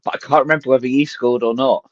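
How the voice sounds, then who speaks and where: A man in his forties on a football podcast, hesitant and thinking out loud as he answers quiz questions. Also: medium pitch, steady tone, quick pace, dry recording, lo-fi sound. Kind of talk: casual football podcast chat.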